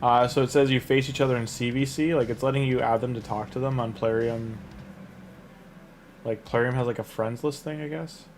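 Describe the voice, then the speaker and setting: A man's voice: mid-range voice, steady tone, a little fast, slight background noise. A man casually commenting a live game stream in a chatty, rambling way, talking to his chat and laughing easily.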